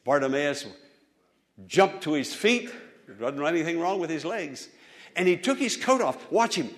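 Male pastor preaching, fervent, voice swoops all over, quiet storytelling then loud calls. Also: a little high, expressive, normal speed. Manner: fervent, swings from hushed storytelling to loud exhortation. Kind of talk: sermon.

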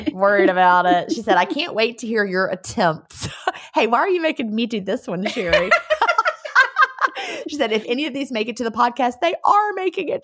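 A middle-aged woman co-hosting a podcast, chatting casually, laughing and trying out regional phrases from listener letters. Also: on the high side. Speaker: podcast co-host. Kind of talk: casual chat, reading listener mail. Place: lives in a beach resort town.

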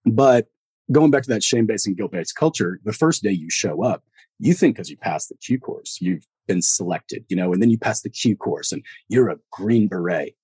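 A man, a former Army Green Beret, talking as a podcast guest in a lively storytelling way, acting out the voices of people he quotes. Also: fairly low pitch, normal speed, breathy edge, no room sound. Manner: animated storyteller who acts out quoted voices and laughs often. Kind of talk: casual storytelling conversation.

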